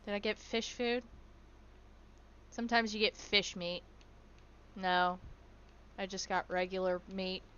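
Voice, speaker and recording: A woman's voice: mid-range voice, steady tone, slow pace, long pauses, a bit bright, muffled recording, slight background noise. A woman streaming a survival game, chatting casually, swearing freely and cooing at her in-game animals. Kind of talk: casual gameplay commentary.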